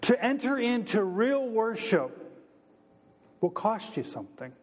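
A male pastor with a notably high voice delivers a sermon, stacking repeated phrases and rising in pitch and force as he drives each point home. His words ring out with a long reverb, as in a large church hall. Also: big pitch swings, measured pace. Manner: preaching with building repetition, rising in pitch and force.

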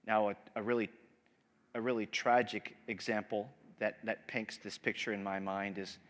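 A male pastor with a lowish voice preaches a sermon, animated and emphatic, often restarting sentences and swinging between loud and soft. A long hall reverb surrounds the low-quality-free recording.

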